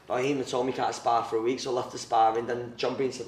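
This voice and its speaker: A young former boxer tells his story in an interview, talking very fast in a flat, mid-range voice. Blunt and rambling, he swears a lot and uses plenty of fillers, recorded in a roomy space with the mic at a distance.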